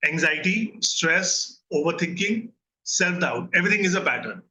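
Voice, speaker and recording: A man's voice: on the high side, expressive, normal speed, bright, forceful tone, a little hiss or hum, rough recording. A man with an Indian English accent, a therapist giving an earnest lesson and often checking in with his listeners. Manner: earnest teaching, asks listeners questions and checks in. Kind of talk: recorded mental health lesson.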